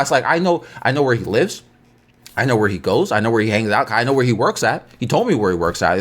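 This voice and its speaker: A worked-up man rants to his podcast listeners. His pitch leaps high and drops low all through the talk. He moves between hot bursts and slow, deliberate preaching. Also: big pitch swings. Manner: agitated, swings between loud outbursts and slow preaching. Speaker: podcast host. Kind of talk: heated monologue to listeners.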